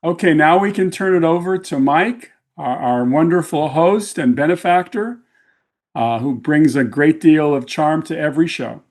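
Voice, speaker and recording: A man's voice: fairly high pitch, normal speed, darkish tone. A man co-hosting a podcast, asking friendly curious questions in casual chat. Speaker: podcast co-host.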